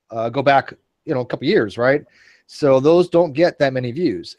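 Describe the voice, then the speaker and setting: A man's voice: medium pitch, no room sound. Rambling, joking man in his forties. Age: 40s. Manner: rambling, joking, self-mocking. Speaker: host. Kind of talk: casual panel chat.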